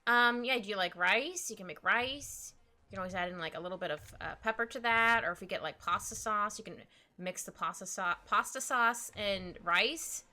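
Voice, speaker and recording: Giggly bright-voiced woman. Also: medium pitch, normal speed. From Canada. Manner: giggly, rambling, playful asides. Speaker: streamer drawing live. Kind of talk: casual chat while drawing. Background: faint music playlist.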